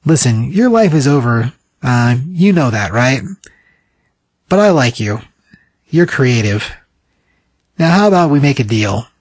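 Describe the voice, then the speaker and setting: A man reading aloud the lines of a sinister, tempting voice from a grave in a comic book, in a coaxing, slow way. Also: mid-range voice, big pitch swings, dry recording.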